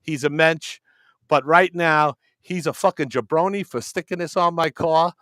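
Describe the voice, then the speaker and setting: A man's voice: fairly high pitch, moderate pace, fairly bright tone, no room sound, poor audio. A man co-hosting a wrestling podcast, chatting casually with profane, joking banter. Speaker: podcast co-host. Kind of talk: casual chat.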